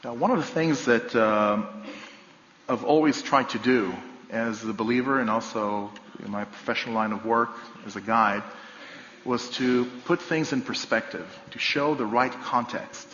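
A man giving a measured, explanatory church teaching talk as a guest speaker, pausing with fillers. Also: a bit bright. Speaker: guest speaker, professional guide. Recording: echoey hall, dull low-fi sound.

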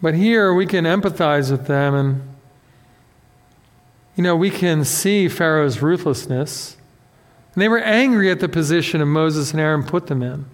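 A man preaching a conversational sermon as pastor, animated and self-deprecating, often acting out what people say. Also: on the high side, moderate pace, long reverb tail.

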